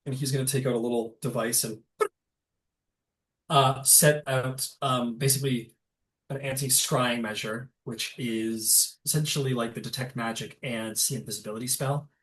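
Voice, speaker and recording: A man in the game master's chair, narrating the scene in a loose, casual way. His voice sits at an ordinary middle pitch, and he fills the gaps with ums and uhs. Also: steady tone, normal speed, fairly bright tone. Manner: casual, many fillers.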